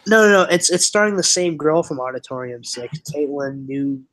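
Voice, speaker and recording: A young man streaming, rambling excitedly with lots of fillers in casual chat. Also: on the high side, normal speed.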